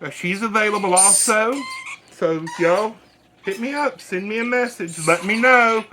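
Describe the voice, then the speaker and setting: A man's voice: a little slow, pushed and bright, slight background noise. A man talking bluntly and casually while hand-feeding baby birds, cooing to them now and then. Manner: chatty and blunt, coos to the birds in a high voice. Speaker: bird breeder. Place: indoors with birds.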